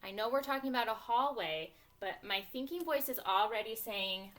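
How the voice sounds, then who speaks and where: Bright, upbeat woman teacher walking young kids through a reading lesson. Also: mid-range voice, normal speed, hardly any pauses. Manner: upbeat teacherly, talks to herself while writing.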